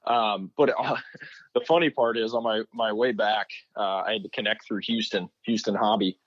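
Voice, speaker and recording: A man telling a story as a podcast guest in casual chat, animated and acting out quotes. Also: lowish voice, normal speed, dull audio.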